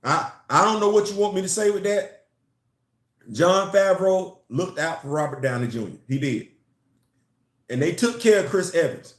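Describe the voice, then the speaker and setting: A man's voice: high voice, normal speed. Emphatic man ranting in an echoey room. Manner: emphatic, animated, repeats phrases to build a point. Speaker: comics and culture commentator. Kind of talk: casual opinion vlog.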